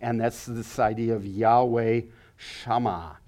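A man's voice: medium pitch, fairly even intonation, slow pace, a little mellow. A man teaching a Bible lesson in an earnest way, often stammering and repeating words as he explains.

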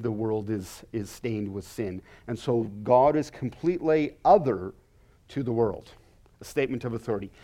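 A man's voice: mid-range voice, warm tone. A man teaching a Bible lesson in an earnest way, often stammering and repeating words as he explains.

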